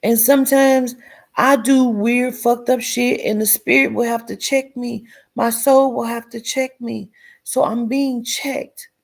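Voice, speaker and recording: Woman, gravelly, profane casual commentary, whispered emphasis. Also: fairly high pitch, steady tone, measured pace. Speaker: commentary vlogger.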